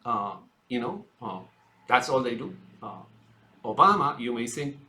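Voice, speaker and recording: A man's voice: medium pitch, sing-song, a little slow, pushed and bright. A man ranting about politics in a rambling, filler-heavy way, often calling his listeners folks. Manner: acts out quoted politicians in mocking voices. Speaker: political ranter. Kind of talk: unscripted political rant.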